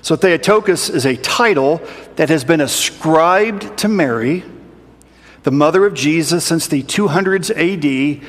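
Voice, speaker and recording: A man preaching a sermon in a measured, explanatory way with rhetorical asides. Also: a little high, in a large hall. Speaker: pastor.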